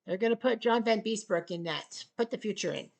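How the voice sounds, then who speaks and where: A woman giving play-by-play commentary on a table hockey game, with excited goal calls and sarcastic asides to the viewers. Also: medium pitch, brisk, creaky, very noisy.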